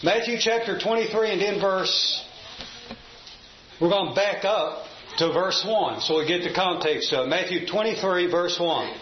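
A man's voice: high-pitched, normal speed. A man preaching a sermon in a church, emphatic, putting questions to the congregation. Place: church room. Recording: roomy, dull, faint hum.

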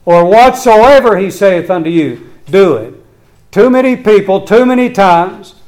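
A man's voice: high voice, a little mellow, poor audio. A man preaching a sermon, reading scripture aloud with earnest emphasis and urging his listeners.

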